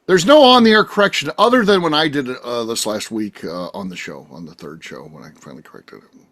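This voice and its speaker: A man's voice: mid-range voice, lively intonation, fairly quick, fairly bright tone. A man hosting a casual talk show, chatty and teasing, often trailing off into fillers. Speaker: podcast host. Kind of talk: casual chat.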